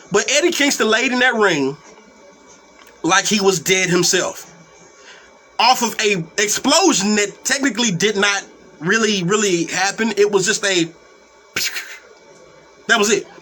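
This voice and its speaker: A man's voice: sits high, bright, forceful tone. A young man hosting a wrestling talk stream, ranting angrily with a lot of cursing and repeated, stumbling words. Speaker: wrestling commentary host. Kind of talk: profane live-stream rant.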